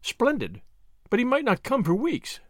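A man voicing a spirited, plucky young Englishwoman in an audiobook, eager and quick to object. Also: very high voice, huge pitch swings, a bit bright, dry recording, studio quality, pitched above the performer's own voice, full character voice.

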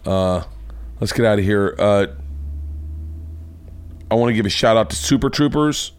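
A man hosting a comedy podcast, telling a story as a loose, swearing monologue whose voice jumps higher when he gets worked up. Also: normal speed, smooth. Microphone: podcast mic.

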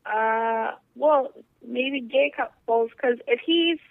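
A woman's voice: on the high side, slow pace, creaky, no echo. A woman co-hosting a podcast, answering in a hesitant, tentative way. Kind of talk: casual podcast chat. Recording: tinny phone-like line.

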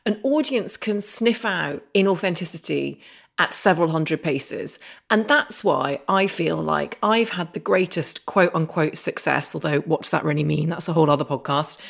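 A woman's voice: low voice, moderate pace, gravelly. A woman hosting a podcast, speaking in an earnest, emotionally open way as she reflects aloud with her guest. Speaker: podcast host. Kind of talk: reflective interview conversation.

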